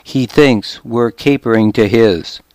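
A man reads a story aloud in the first person with a measured, steady delivery. He speaks very slowly, in a smooth and clear voice. The close studio microphone gives a dry sound with no room echo. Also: medium pitch. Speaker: audiobook narrator. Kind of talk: scripted first-person narration.

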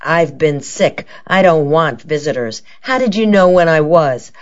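A woman voicing a gruff, domineering old woman who speaks bluntly and slowly, on a dull lo-fi recording. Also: low-pitched, expressive. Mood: imperious. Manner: blunt, imperious, slow drawl.

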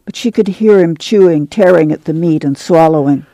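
A man reading scripted narration for an audiobook, in a measured storytelling manner. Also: fairly high pitch, mellow, no room sound, rough recording. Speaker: audiobook reader.

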